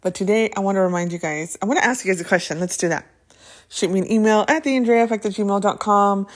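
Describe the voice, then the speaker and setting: A podcast host with a medium-pitched voice talks fast, giving a casual, chatty, upbeat motivational pep talk. She restarts sentences, uses fillers, peppers in lots of "right?" and "okay?", and drops in a few Spanish words.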